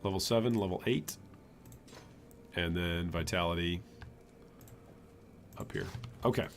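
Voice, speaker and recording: A man streaming gameplay, chatty and animated, commenting on his build and answering chat. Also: low-pitched, unhurried, slight background noise. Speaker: streamer, game host.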